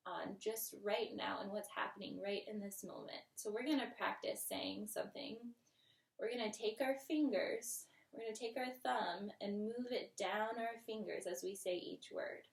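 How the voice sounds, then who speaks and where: A woman leading a children's yoga lesson in a gentle, playful, encouraging way, sometimes dropping to a whisper. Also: mid-range voice, gravelly, distant mic. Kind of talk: guided kids' yoga lesson. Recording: echoey room, voice from the mic.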